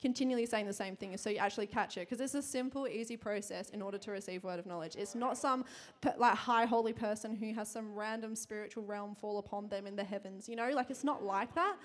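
A woman's voice: medium pitch, quick pace, hardly any pauses. A young woman telling casual faith stories, chatty, laughing often and full of fillers. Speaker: Christian speaker sharing testimony. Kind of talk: casual storytelling.

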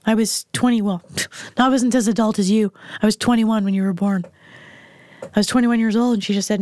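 A woman's voice: medium pitch, fairly even intonation, a little fast, warm tone, no room sound. A middle-aged woman telling a candid personal story as an interview guest, frank and blunt in how she speaks. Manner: frank and blunt, plain-spoken. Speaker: interview guest, mother of the host.

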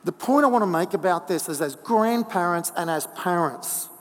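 A middle-aged man preaching a sermon in a church, telling stories in a relaxed, conversational way. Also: sits high, normal speed. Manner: conversational storytelling with asides. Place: church hall. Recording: long hall reverb.

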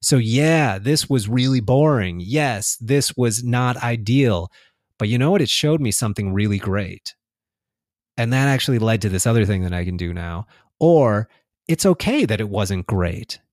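A man's voice: fairly low pitch, animated, moderate pace, darkish tone, no room sound, clean studio sound. A man talking reflectively in a casual spiritual conversation, laughing often and restarting his sentences.

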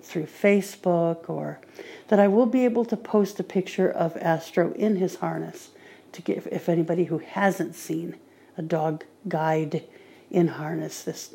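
Mellow-voiced woman chatting on a podcast. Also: fairly low pitch, creaky. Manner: relaxed diary-like recounting. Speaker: podcaster training with a guide dog. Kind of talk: casual podcast monologue.

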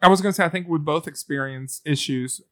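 A woman's voice: low voice, quick pace, fairly bright tone. A woman co-hosting a podcast in casual chat. She jokes around and laughs often. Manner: playful, jokey, laughs often. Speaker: podcast co-host.

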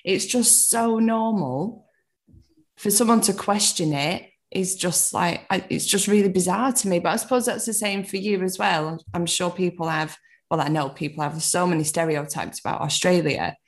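A woman's voice: on the low side, normal speed. A British woman in her thirties chatting casually as a podcast guest, laughing often and swearing lightly. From United Kingdom. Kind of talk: casual chat.

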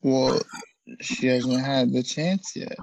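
A young man with a gravelly voice who talks slowly and flatly in a podcast chat. His blunt, deadpan remarks sound dry and close to the mic. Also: mid-range voice, no room sound, rough recording. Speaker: podcast co-host. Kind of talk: casual chat.

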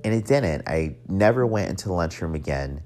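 A man's voice: low voice, expressive, fairly quick, a little mellow, faint music behind. A young man telling a personal story in a candid, profane way, with wry joking asides.

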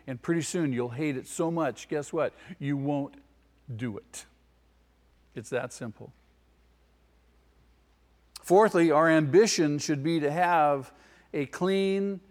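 A man's voice: a little high, a little mellow. A male pastor gives an emphatic sermon in a church hall. He repeats his key phrases and puts questions straight to the congregation. His voice carries a long hall reverb around it.

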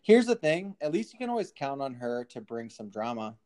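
A woman's voice: very deep voice, sing-song, darkish tone. A woman co-hosting a podcast, chatting casually and giggling while recapping a reality show. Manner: chatty, giggly, quick asides. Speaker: podcast co-host.

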